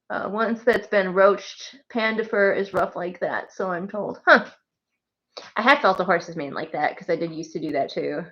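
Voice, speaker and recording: A woman's voice: mid-range voice, a bit bright, dull audio. Chatty woman streamer, laughing often. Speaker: streamer and writer. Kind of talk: casual chat on a birthday live stream. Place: home with pets.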